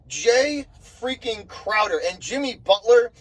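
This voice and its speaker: Captured on a rough recording, a young man vents furiously about his basketball team in a very high-pitched, fairly bright voice. He takes his time, with lively intonation, swearing and going over the same points in exasperation, like a sports vlogger on a tear.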